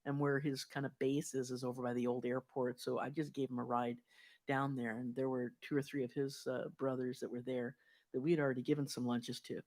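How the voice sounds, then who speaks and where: A man telling a personal story to a congregation in a casual, animated way, often laughing. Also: mid-range voice, a little fast. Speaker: congregation member sharing a story.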